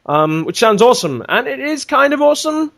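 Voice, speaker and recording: A man telling a gaming story on a casual podcast, animated and swearing freely. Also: very high-pitched, a little fast, vocal fry. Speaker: podcast regular.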